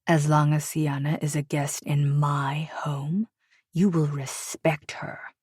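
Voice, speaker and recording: A woman voicing a powerful, angry man in an audiobook, speaking quietly and menacingly, close to a whisper. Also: sits low, level tone, takes it slowly, husky, no room sound, heavily acted. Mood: threatening.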